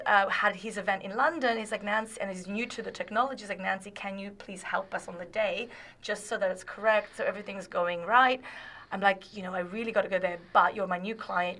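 A woman from Australia, a podcast guest, telling a personal story in casual chat, animated and laughing, often restarting her sentences. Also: medium pitch, slight background noise.

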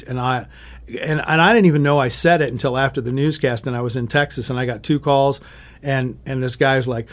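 A man's voice: medium pitch, steady tone, quick pace. A middle-aged man, a TV meteorologist, chatting casually and telling stories, often restarting his sentences. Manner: rambling, self-correcting storyteller. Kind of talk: casual interview chat.

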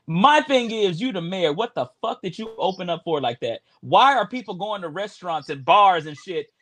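A man from Houston co-hosting a casual chat, animated and profane, often stammering and restarting. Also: high-pitched, normal speed. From Houston, Texas. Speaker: podcast co-host.

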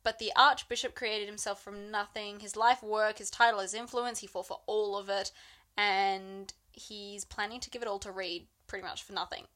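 A woman's voice: medium pitch, steady tone, normal speed, sharp tone. A young woman co-hosting a casual book chat, retelling scenes and voicing the characters' lines. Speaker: book podcast co-host.

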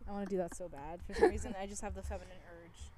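A woman's voice: mid-range voice, racing, a loud crowd. A young woman vlogging outdoors, chatting with her best friend in a giggly, bubbly way. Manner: giggly, bubbly, squeals when teased. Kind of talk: casual chat with a friend. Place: outdoors in the wind.

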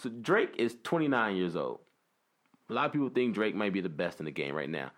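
A man in casual podcast chat, animated and quick to rap lyrics aloud. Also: on the low side. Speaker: podcast co-host.

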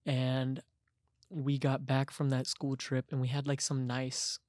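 A tired young man hosting a podcast, chatting casually with a deadpan, sarcastic sense of humor. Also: mid-range voice, measured pace, no echo, studio quality. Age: young adult. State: tired from lack of sleep. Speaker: podcast host. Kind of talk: casual chat.

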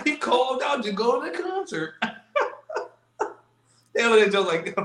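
A man co-hosting a podcast, animated and joking in heavy slang, in casual banter. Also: extremely high pitch, unhurried, long pauses, echoey room, low-quality recording. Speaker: podcast co-host.

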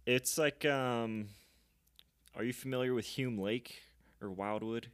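A man's voice: medium pitch, takes it slowly. A young man hosting a podcast and telling an easygoing, anecdotal story in a casual chat. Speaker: podcast host.

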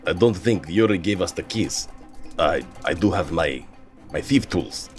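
Low male voice, hesitant gamer, soft music beneath. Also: animated, unhurried. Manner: giggly, nervous, hesitant. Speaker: player. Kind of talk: playing a tabletop game.

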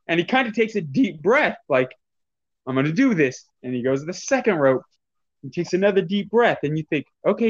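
With a high, fairly bright voice, this man co-hosts a podcast, swapping stories in a relaxed, casual chat. Laughter often interrupts him mid-sentence, and the audio sounds slightly dull and lo-fi.

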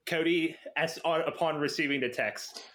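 A man's voice: fairly high pitch, moderate pace, fairly bright tone. A man playing a tabletop game, giggling often and stumbling over his words. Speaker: player.

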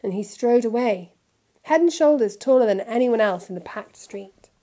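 A woman reading a children's novel aloud in steady, clear narration. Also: on the high side, moderate pace. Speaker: storybook reader.

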